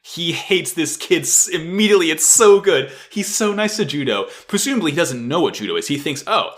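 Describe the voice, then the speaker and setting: Animated, bright-voiced male podcast host. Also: fairly high pitch. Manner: animated storytelling, swearing, quick to laugh. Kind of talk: casual anime recap chat.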